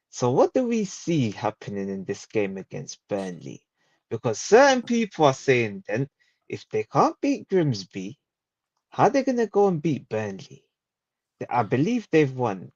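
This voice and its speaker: A man's voice: medium pitch, a little mellow, no echo, muffled recording. A man chatting casually about football as a co-host, laid-back and slangy.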